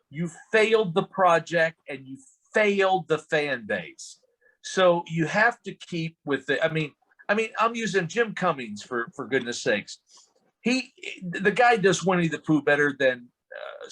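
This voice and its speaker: A middle-aged man, a voice actor, talking on a video call in a rambling, animated, joking way. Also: on the high side, poor audio. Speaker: voice actor guest. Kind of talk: casual panel chat.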